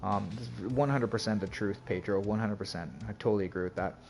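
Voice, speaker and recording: A man's voice: lowish voice, fast, creaky, darkish tone. A man chatting casually on a game livestream, rambling and greeting viewers. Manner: rambling, chatty, full of "like" and "you know". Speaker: streamer. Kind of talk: casual livestream chat while gaming.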